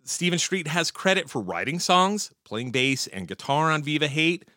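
A man talking in a casual, opinionated monologue about music history, swearing often and jumping up in pitch whenever he gets excited. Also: moderate pace, no echo, clean studio sound. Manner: profane, opinionated and animated, with frequent swearing; pitch jumps high when excited.

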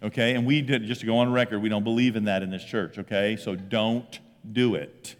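A middle-aged man preaching a lively sermon as pastor, often breaking into loud acted voices. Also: lowish voice, a little fast, in a large hall. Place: church sanctuary.

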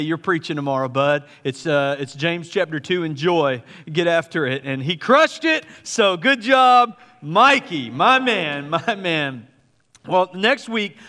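A chatty man in his thirties, pastoring from the pulpit with a bright, ringing voice that hangs in a long hall reverb. He talks a touch high and jokes at his own expense. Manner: chatty, joking, self-deprecating. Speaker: lead pastor. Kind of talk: casual sermon announcements.

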